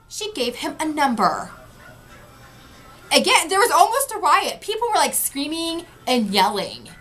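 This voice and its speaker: A woman's voice: sits high, pushed and bright, slight background noise. A woman vlogger recapping an event in casual talk, frustrated and retelling what people said. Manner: frustrated, retelling with quoted voices.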